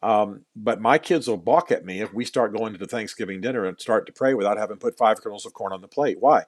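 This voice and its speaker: This middle-aged author, a guest on a podcast, has a fairly low voice and talks briskly in a recording without echo. Earnest in his storytelling, he repeats words to build his points and makes wry self-deprecating jokes.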